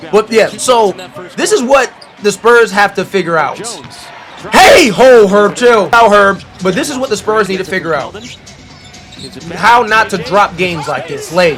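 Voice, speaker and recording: Young male streamer, high-pitched and excitable, reacts loudly to a basketball game with slangy trash talk. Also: a little slow, faint music behind. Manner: animated, loud outbursts, slangy trash talk.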